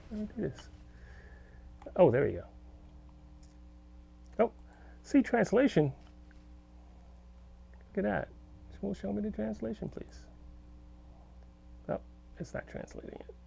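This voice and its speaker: Gravelly middle-aged guitarist chatting. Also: male voice, high voice, very animated, measured pace, long pauses, dark tone. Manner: rambling, answers viewer comments aloud. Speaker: guitarist hosting a live stream. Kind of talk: casual live-stream chat. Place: home studio.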